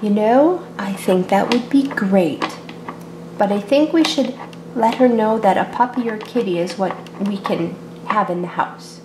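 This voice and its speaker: A woman doing a gentle father bunny. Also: mid-range voice, a little slow, background noise, voice pushed down, lightly acted. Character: calm, kindly father bunny. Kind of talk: toy play-acting video.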